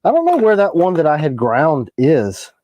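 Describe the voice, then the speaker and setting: A man's voice: a little high, huge pitch swings, normal speed, dark tone, highs cut off, a little hiss or hum. A man hosting a casual knife-making livestream, rambling and joking as he shows off his gear and trails off mid-sentence. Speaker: knife maker and livestream host.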